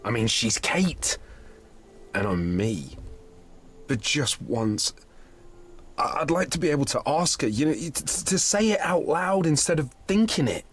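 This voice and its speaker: A man's voice: a little high, big pitch swings, measured pace, pauses often, husky, heavily acted. An actor playing a shy, lovestruck young man who stammers nervously in voiced game dialogue. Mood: earnest. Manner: stammering, flustered.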